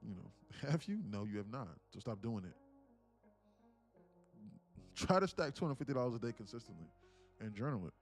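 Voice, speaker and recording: A man's voice: lowish voice, expressive, fairly quick, long pauses, soft background music. A man hosting a live day-trading stream, chatting casually and rambling, often repeating words as he talks to his viewers. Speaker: day-trading livestream host.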